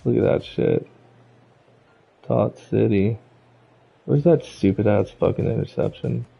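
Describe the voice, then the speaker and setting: A man's voice: on the low side, unhurried, gravelly, slightly rough, muffled recording. A man streaming a football video game, ranting with constant swearing about the plays. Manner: angry, profane ranting, rising to shouts at plays. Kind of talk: live gameplay commentary.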